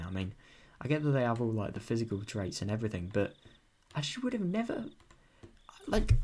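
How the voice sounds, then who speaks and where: A young British man with a mid-range, darkish voice reads a visual novel aloud, breaking off to chat about the story. He swears often and reacts in sudden bursts.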